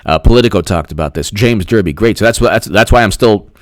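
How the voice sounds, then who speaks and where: A man's voice: on the low side, fast talker, dry recording, studio quality. A man hosting a live-stream political commentary, rambling, laughing often and thanking viewers by name. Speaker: host.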